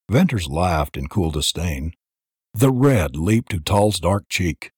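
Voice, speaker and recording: Husky-voiced man narrating an audiobook. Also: deep voice, slow pace, no room sound, clean studio sound. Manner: dramatic, expressive storytelling. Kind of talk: audiobook reading.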